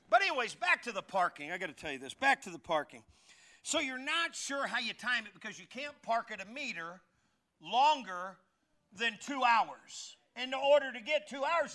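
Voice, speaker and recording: A man preaching a sermon, telling a funny personal story with lively swings between loud bursts and quiet asides. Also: high voice. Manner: animated, jokey, swings between shouting and muttering asides. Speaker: pastor.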